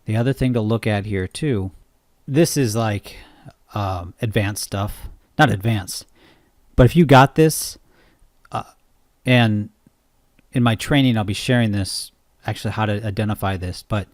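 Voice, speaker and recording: A man with a lowish-pitched voice coaches trading in an unscripted screen-share tutorial. He rambles, interrupts himself, and keeps checking in with listeners by asking "right?" The recording is dry and studio quality.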